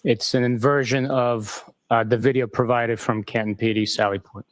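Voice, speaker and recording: A man's voice: medium pitch, fairly even intonation, normal speed, dry recording. A man, a police sergeant on the witness stand, giving brief, formal answers. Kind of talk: witness testimony.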